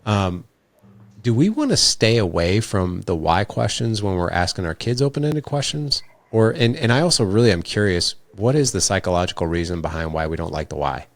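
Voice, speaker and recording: A man's voice: sits low, big pitch swings, brisk, no echo. A man hosting a podcast, asking curious, eager questions in a casual chat. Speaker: podcast host.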